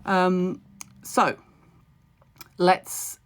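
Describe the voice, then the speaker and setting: A woman in her forties, a skincare expert, talking casually on a live stream from home, blunt and wry with quick asides and jokes. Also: lowish voice, flat delivery, clean tone.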